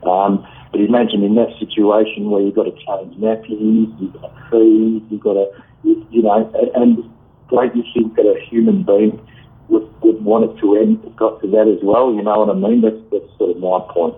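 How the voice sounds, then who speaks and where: A man in his fifties calling in, giving frank, blunt advice with many halting fillers. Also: lowish voice. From Australia. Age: 50s. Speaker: caller. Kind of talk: call-in advice. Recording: tinny phone line.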